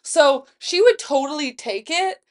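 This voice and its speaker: A woman's voice: high-pitched, lively intonation. A young woman co-hosting a casual podcast, blunt and profane as she tells stories. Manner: blunt, profane, quick storyteller. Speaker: podcast co-host.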